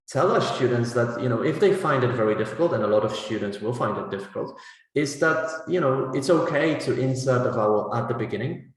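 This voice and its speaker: Man lecturing in a very echoey hall. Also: medium pitch. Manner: explanatory, frequent "right?" and "you know" tags. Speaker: teacher trainer. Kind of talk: webinar talk on teaching pronunciation.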